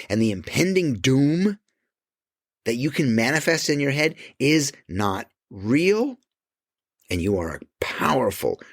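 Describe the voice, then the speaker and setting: A man speaking as a creative coach in an emphatic motivational monologue, swearing casually and dropping to quiet low asides. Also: slightly rough, no room sound, studio quality.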